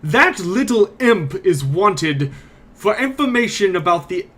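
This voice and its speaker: A man puts on a scowling witch hunter captain for a tabletop game, voice pitched up and pushed loud. He is self-important and blustering, and he jabs out accusations and threats. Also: big pitch swings, unhurried, full character voice. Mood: threatening.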